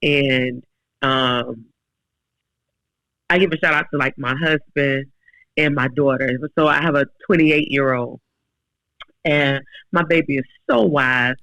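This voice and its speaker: Guest, woman in her 40s: forceful, bright voice, earnest and emotional, dry close sound. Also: very deep voice, steady tone, slow pace, long pauses, no room sound, low-quality recording. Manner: earnest, emotional storytelling with many restarts. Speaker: podcast guest. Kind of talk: casual faith talk.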